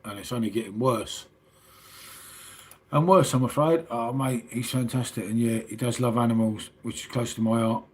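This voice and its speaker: A middle-aged Englishman hosts a casual late-night livestream, chatting with viewers in a matey, sweary way and calling everyone "mate." His medium-pitched voice is husky, and he talks at a normal speed.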